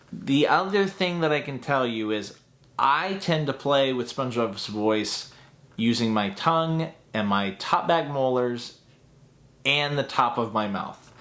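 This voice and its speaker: A man's voice: medium pitch, a bit bright. A man teaching a voice acting tutorial in an upbeat, chatty way that breaks into laughs at his own asides.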